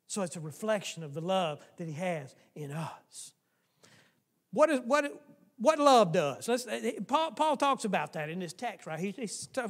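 Animated preacher, high voice, echoing hall. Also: male voice, fairly quick. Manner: folksy, animated, acts out playground voices. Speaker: pastor. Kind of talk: sermon.

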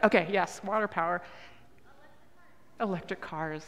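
A woman giving an earnest, conversational talk to a church congregation, pausing with frequent ums. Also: mid-range voice. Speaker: lay speaker at a church service. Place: church sanctuary. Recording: long reverb of a large hall.

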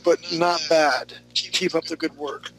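Over soft background music, a man running a live drawing class online gives critiques laced with teasing banter. He sounds tired, yawning between comments, and his slightly high, somewhat bright voice keeps a steady tone at a measured pace, with noisy live stream audio.

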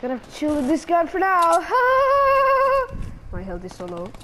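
A woman with a high voice narrates her own match in a frantic rush, repeating the same pleas over and over. She sounds like a gaming channel host on a headset mic. Gunshots and game effects crackle loudly behind her. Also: sing-song, measured pace. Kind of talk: live gameplay commentary. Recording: loud game gunfire under the voice.

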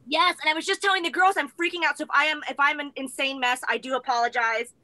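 A woman's voice: sits high, fairly even intonation, quick pace, bright, forceful tone. An American woman co-hosting, gushing as a flustered fan over a video call. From United States. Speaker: co-host. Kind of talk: excited casual chat.

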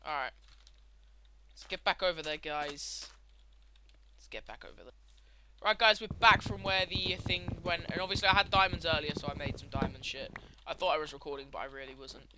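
A man's voice: fairly high pitch, normal speed, long pauses, noisy background. A young man with a sweary, ranting manner, commenting casually while he plays a game. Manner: swears a lot, ranting, excitable outbursts. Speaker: gameplay commentator.

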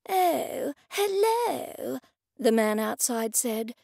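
A woman reading an audiobook in wry, even first-person storytelling. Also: a little high, no echo, studio quality. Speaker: audiobook narrator. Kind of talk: scripted narration.

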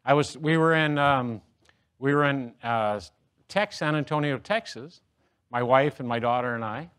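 A man's voice: mid-range voice, moderate pace, a bit bright, smooth. A middle-aged man giving a humorous, self-deprecating speech to an audience, telling jokes and stories. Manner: joking, self-deprecating storyteller. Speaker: motivational speaker.

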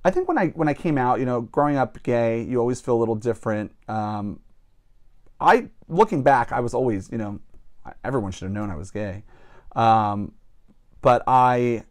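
A man's voice: medium pitch, animated, moderate pace. A non-binary drag performer with a man's voice, speaking reflectively in a documentary interview, often saying "you know.". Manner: reflective, personal, many you-knows.

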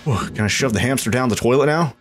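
A young man casually commenting as he plays a video game, chatty and excitable, jumping high in pitch when startled. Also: fast talker, noisy background. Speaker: gaming channel host. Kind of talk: casual let's play commentary.

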